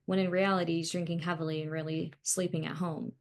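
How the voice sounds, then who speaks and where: A woman's voice: lowish voice, flat delivery, fast. A woman co-hosting a podcast who talks with clients as a counselor, giving blunt, opinionated views in casual chat.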